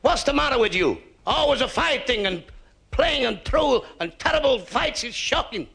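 A man's voice: extremely high pitch, big pitch swings, moderate pace, gravelly, bright, forceful tone, slightly rough, heavily acted. A man voicing a fretful Italian working mother who scolds her son in an Italian accent. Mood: exasperated.

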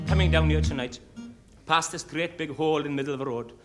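A man's voice: fairly high pitch, fairly even intonation, quick pace, soft background music. A man at a club, telling jokes and stories in spoken patter between the sung choruses of a comic folk song. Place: club, live on stage.

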